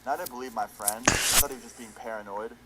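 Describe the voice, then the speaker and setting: A man's voice: medium pitch, steady tone, fast talker, heavy background noise. Laid-back young man telling a story. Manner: laid-back, slangy, swears casually. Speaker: storytime YouTuber. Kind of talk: casual storytime narration.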